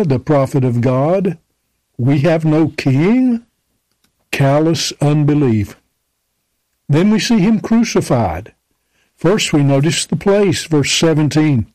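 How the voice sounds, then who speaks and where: A man's voice: a little high, a little mellow, dry recording, rough recording. A man preaching a sermon, emphatically quoting and explaining scripture.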